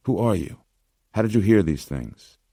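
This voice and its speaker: A man's voice: deep voice, lively intonation, mellow, no echo, studio quality, voice pushed up. A man as a driven, pressing doctor. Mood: curt. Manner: quick, pressing questions. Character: driven male doctor, urgent and rattled.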